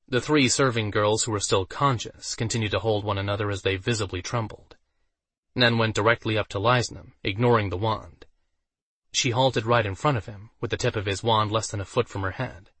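A man reading a fantasy novel aloud in steady scripted narration. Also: fairly low pitch, husky, dry recording. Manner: steady, even storytelling. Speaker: audiobook narrator.

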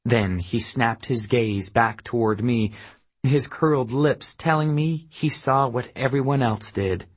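A man's voice: mid-range voice, measured pace, breathy edge. A man reading a novel aloud in the first person, telling the story in a dry, wry way. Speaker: audiobook narrator. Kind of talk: scripted first-person narration.

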